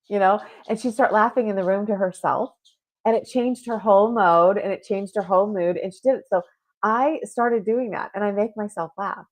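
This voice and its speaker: A woman hosting a spiritual talk show, chatting casually and reading listener comments aloud with lots of fillers. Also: mid-range voice. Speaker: podcast host.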